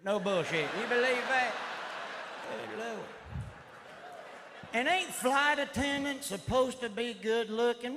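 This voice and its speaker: High-voiced rowdy comedian. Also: male voice, normal speed. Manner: loud, rowdy redneck delivery with catchphrases. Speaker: stand-up comedian. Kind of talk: stand-up comedy routine. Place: comedy stage before a live audience. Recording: live show with loud audience laughter and noise.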